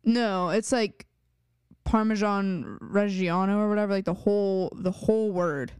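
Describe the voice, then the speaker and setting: Young female co-host, relaxed and wry, clear voice, close and dry. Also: medium pitch, unhurried, dry recording. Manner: easygoing, wry, chatty with fillers. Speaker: podcast co-host. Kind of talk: casual chat.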